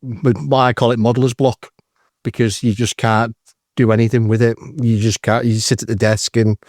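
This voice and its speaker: A man's voice: medium pitch, flat delivery, moderate pace, darkish tone, dry recording, clean studio sound. A man talking in an earnest, reflective and modest way as a podcast co-host. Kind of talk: casual podcast chat.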